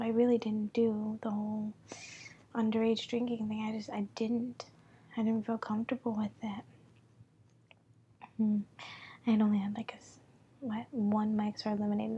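A young woman in her early twenties talks in a hushed whisper for a whispered role-play, slightly tipsy and drifting. Her voice sits a touch high but barely rises or falls, with a dark, mellow tone. Faint ambient noise hums under her. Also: highs cut off. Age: 20s. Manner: soft rambling whisper with giggles.

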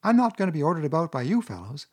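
Guy doing a shrill bragging storybook toad, husky edge, loud and full of himself. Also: sing-song, rapid-fire. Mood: excited. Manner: boastful, shrill and puffed up. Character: boastful conceited male toad, excitable.

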